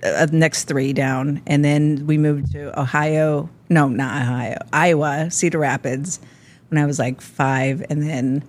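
A woman's voice: low voice, steady tone, a little slow, darkish tone. A middle-aged woman comedian, a podcast guest, talking in a rambling, self-interrupting way and laughing often. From Omaha, Nebraska. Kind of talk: casual chat.

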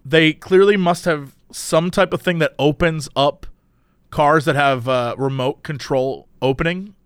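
Guy ranting about his day, high voice, bouncy, dead dry close mic. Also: a little slow, smooth, no room sound. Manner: animated, exasperated retelling with swearing. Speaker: podcast host telling a story. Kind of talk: casual storytelling chat.

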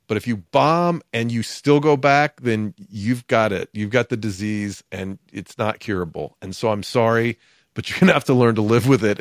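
A man's voice: medium pitch, no room sound, studio quality. Wry man hosting a talk show. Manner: quick, wry, encouraging backchannel. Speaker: podcast host. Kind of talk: casual interview chat.

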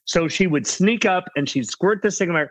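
A middle-aged man with a fairly high voice spins a loose, rambling anecdote from a film set. He restarts often and slips in quick impressions of others. The sound is close and completely dry. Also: expressive, a bit bright, no room sound. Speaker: guest actor telling set stories. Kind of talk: casual anecdotal storytelling.

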